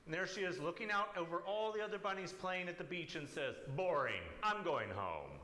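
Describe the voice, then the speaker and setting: A man reads a picture book aloud to children during a church service, his voice animated and bright. His pitch sits a little high and rises and falls widely. The sound rings with a roomy church echo. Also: quick pace, a little hiss or hum. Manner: warm, animated storytelling to children. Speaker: worship leader reading a children's story. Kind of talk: children's story reading. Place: church sanctuary.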